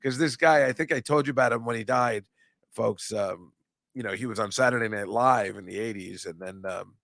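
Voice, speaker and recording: A man's voice: mid-range voice, brisk, gravelly, fairly bright tone, no echo, studio quality. A man chatting casually as a comedian co-host, rambling and joking, laughing often. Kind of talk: casual chat on a live-streamed show.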